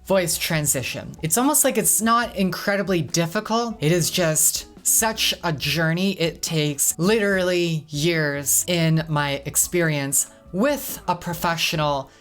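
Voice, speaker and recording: A woman's voice: on the low side, unhurried, hardly any pauses, faint music behind. A woman talking candidly to camera in a casual, reflective vlog. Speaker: vlogger.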